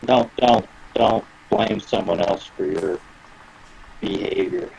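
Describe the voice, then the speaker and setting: A man playing a tabletop game, speaking in slow, measured remarks. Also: on the low side, vocal fry, darkish tone, a little hiss or hum, poor audio. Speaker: player.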